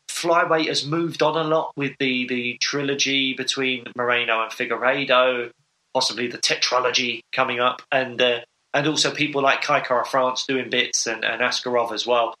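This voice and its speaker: A man's voice: mid-range voice, normal speed, sharp tone, poor audio. A man co-hosting a podcast, chatting casually and enthusiastically with lots of fillers. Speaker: podcast co-host. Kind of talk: casual sports chat.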